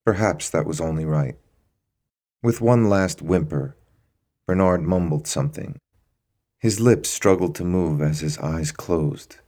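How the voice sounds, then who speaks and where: Deep-voiced male story narrator. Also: darkish tone.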